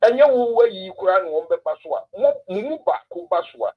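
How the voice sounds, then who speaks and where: Animated Ghanaian man, husky voice. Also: high-pitched, normal speed, phone-quality sound. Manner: animated, emphatic, repeats words for effect. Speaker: political commentator host. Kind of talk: casual political talk stream.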